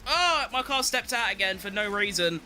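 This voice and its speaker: Young man, high voice, very bright and sharp tone, excitable live racing game commentary, game music behind. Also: moderate pace. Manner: excitable, swears, talks to himself and the game. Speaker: game streamer.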